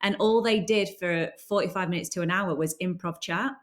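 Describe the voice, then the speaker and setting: A woman's voice: fairly low pitch, a little fast. A woman actor and company founder telling her story as a podcast guest in an enthusiastic, chatty way. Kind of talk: casual interview chat.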